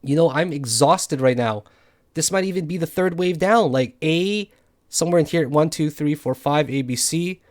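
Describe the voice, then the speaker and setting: A man's voice: a little high, expressive, normal speed, darkish tone. Tired, swearing man narrating his trades. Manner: frustrated, swearing often, thinking aloud. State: tired from no sleep. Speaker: crypto day trader. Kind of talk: live trading commentary over charts.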